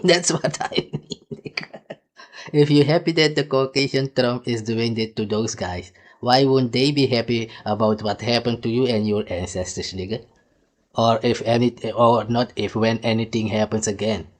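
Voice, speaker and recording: A man giving ranting video commentary on a clip, mocking and scornful, laughing between his jabs. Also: fairly low pitch.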